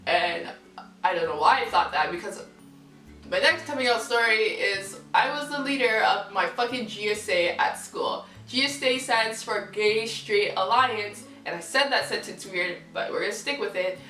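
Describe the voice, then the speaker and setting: A young woman telling a personal story to camera in a candid, lively, swearing casual style. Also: mid-range voice, moderate pace. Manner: candid, lively, swears freely, acts out quoted people. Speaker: vlogger. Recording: roomy echo, voice from far off mic, faint music.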